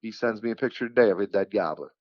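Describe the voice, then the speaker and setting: Lower-voiced man spinning a lively yarn. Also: quick pace, no echo, muffled recording. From New York. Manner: animated storyteller, fillers like "you know", repeats words for emphasis. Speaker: podcast guest, turkey caller. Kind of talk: casual anecdote telling.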